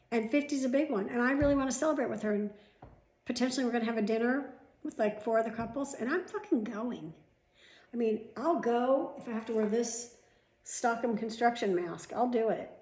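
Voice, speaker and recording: A woman's voice: on the high side, a little fast, a little mellow. Rambling, chatty middle-aged woman in an echoey room. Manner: rambling, chatty, with frequent asides and swearing. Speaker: vlogger. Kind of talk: casual chat to camera. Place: at home.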